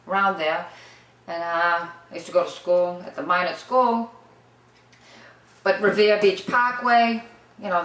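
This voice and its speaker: A woman's voice: medium pitch, a bit bright, distant mic. A woman with a thick Boston accent, giving a chatty, rambling mock lesson to the camera, drifting off on tangents. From Boston, Massachusetts. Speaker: host. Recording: roomy echo, away from the mic.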